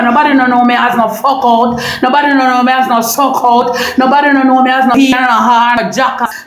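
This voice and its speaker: A middle-aged woman with a Jamaican accent ranting on a live stream, loud and confrontational, repeating herself and breaking into shouts. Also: high-pitched, echoey room, rough recording. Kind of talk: heated live-stream rant.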